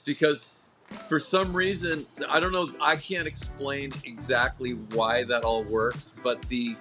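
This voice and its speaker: Bright, lively man telling coaching stories. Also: mid-range voice, a little slow, faint music behind. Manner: animated storyteller acting out quotes. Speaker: tennis coach, podcast guest. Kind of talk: casual interview chat.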